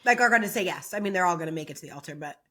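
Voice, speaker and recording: A woman's voice: on the low side, animated, racing, a bit bright. A woman co-hosting a podcast, talking loosely and laughing often in casual chat. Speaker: podcast co-host.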